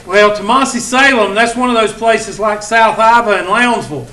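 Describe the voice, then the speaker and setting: A man's voice: high voice, moderate pace, pushed and bright, poor audio. Folksy man teaching a class. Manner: folksy, teasing storyteller. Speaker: college math instructor. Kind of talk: casual classroom talk.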